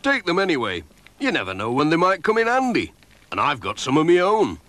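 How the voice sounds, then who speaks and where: A man's voice: a little high, wildly swooping pitch, fairly quick, fairly bright tone, dry recording. A man doing a hearty handyman. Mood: encouraging. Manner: hearty and generous. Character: jovial village handyman, generous. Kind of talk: children's animation voice acting.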